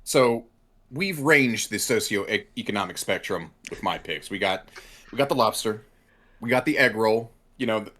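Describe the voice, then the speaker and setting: A man's voice: lowish voice, animated, normal speed, fairly bright tone. Playful man building up a joke. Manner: playful, builds up jokes with mock drama. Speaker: podcast co-host. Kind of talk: casual chat.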